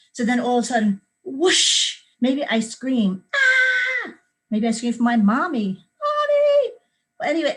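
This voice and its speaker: Animated woman teaching kids to write. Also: a little high, poor audio. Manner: lively, acts out scenes with sound effects and screams. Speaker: children's author leading a writing workshop. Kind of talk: teaching kids creative writing.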